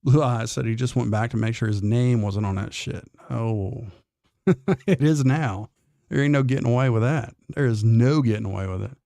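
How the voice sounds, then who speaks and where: Hosting a morning livestream, a man reads out comments with blunt, profane defiance, drawling through false starts. His gravelly, dark voice is medium-pitched at a moderate pace, sounding close and dry without echo.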